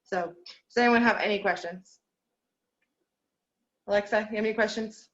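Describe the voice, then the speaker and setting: A woman's voice: mid-range voice, moderate pace, a bit bright, reverberant, muffled recording. A woman teaching an online group singing lesson, encouraging her students and counting through number drills. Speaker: vocal teacher.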